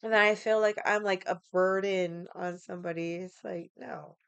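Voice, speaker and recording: A young woman streamer with a lowish, gravelly, slightly bright yet smooth voice chats casually while drinking. Her tone is steady, her speed normal, and there's no echo. She rambles, leaning hard on "like" and swearing a lot.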